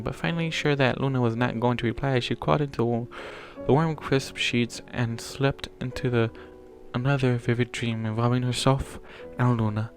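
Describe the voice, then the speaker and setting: A man reading a fan story aloud, plainly, with small slips that he corrects as he goes. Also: mid-range voice. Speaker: fanfiction reader. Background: faint music.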